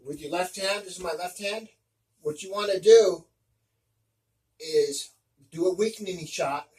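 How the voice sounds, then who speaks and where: A man's voice: sits high, measured pace, darkish tone, far from the mic, rough recording. A man giving casual step-by-step practical tips, often restarting his sentences as he explains. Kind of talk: casual instructional talk.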